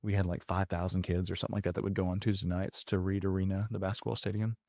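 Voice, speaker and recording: A man's voice: sits low, little pitch movement, quick pace, vocal fry, mellow, no room sound, studio quality. A man telling a long personal story in casual chat, with many restarts and fillers. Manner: rambling, frequent restarts and fillers.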